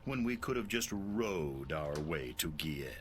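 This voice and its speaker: An actor voicing a gruff, sarcastic male sea captain in a video game, drawing out his mocking questions. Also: medium pitch, big pitch swings, a little slow, sharp tone, a little hiss or hum.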